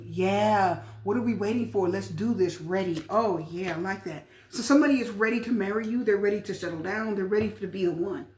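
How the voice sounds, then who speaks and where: A woman giving a casual tarot reading, chatty and repetitive, often pausing with fillers. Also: medium pitch, darkish tone. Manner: chatty, repeats phrases, frequent fillers. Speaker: tarot reader. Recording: echoey room with faint noise.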